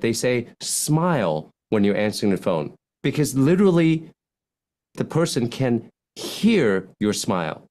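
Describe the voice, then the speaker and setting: A man, a physician, giving speaking advice as a podcast guest, animated and lively, swinging his voice up and down and acting out example lines in contrasting tones. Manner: animated, swings pitch widely to demonstrate points. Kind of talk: podcast interview, coaching talk.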